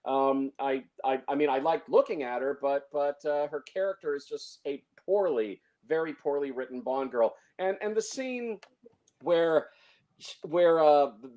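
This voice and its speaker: A man's voice: on the high side, unhurried, a little mellow. A man reviewing films in casual chat, opinionated, stumbling over restarts and fillers. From San Francisco Bay Area. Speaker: film reviewer.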